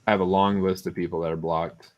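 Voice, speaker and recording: A man's voice: sits low, flat delivery, quick pace, dull audio. A middle-aged man chatting bluntly and emphatically on a live gaming stream, often repeating his words. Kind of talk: casual stream chat.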